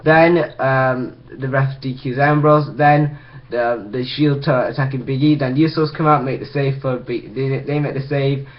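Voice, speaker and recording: A man's voice: mid-range voice, steady tone, moderate pace, muffled recording. A man casually recapping a wrestling show for his video channel, rambling with frequent restarts. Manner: rambling, full of ums and restarts.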